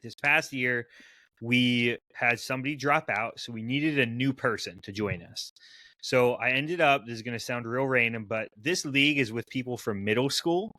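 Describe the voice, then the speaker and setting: Bright, dry-sounding male podcast host. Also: medium pitch, moderate pace, no room sound. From Florida, USA. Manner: chatty and upbeat, loose with fillers. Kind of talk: casual podcast chat.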